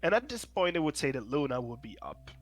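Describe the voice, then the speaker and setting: A man's voice: mid-range voice, big pitch swings, brisk, soft background music. A man running a tabletop game as game master, describing scenes hesitantly with fillers and restarts over an online call.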